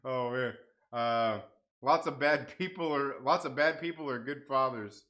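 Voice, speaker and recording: A man's voice: mid-range voice, a little slow, pushed and bright. A man hosting a casual late-night live stream, chatting with viewers, swearing and laughing as he eats. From half Mexican family. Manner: profane, laughing, talks to chat while eating.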